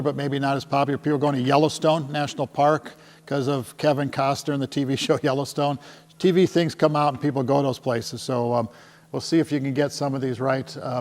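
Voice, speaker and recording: A man's voice: mid-range voice, a little mellow. Middle-aged male presenter, mid-range voice, chatty and jokey with a live crowd; reverberant hall sound. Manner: jokey and chatty, often asks the crowd "right?". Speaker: tour company presenter. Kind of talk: casual presentation to a live audience. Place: meeting room with a small audience. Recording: long hall reverb with faint hum.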